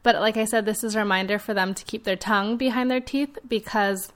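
A woman speech-language pathologist hosting a podcast, explaining clearly and demonstrating sounds as she goes. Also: medium pitch, fairly even intonation, brisk.

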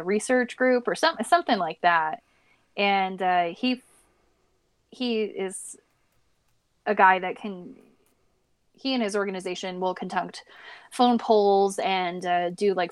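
A woman's voice: medium pitch, dry recording. A woman co-hosting a podcast, explaining things in casual political chat, with hesitant restarts and occasional laughs. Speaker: podcast co-host.

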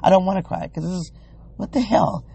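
A woman hosting a solo wellness podcast, thinking aloud in a halting, searching, emotionally open way. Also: on the low side, vocal fry, warm tone, breathy edge. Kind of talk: reflective solo podcast monologue.

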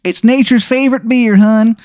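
A grown man with a terrible, high-pitched Maryland accent. He drawls slowly and leans on the word hun. The voice is dry and close. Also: a little mellow, dry recording. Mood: chummy.

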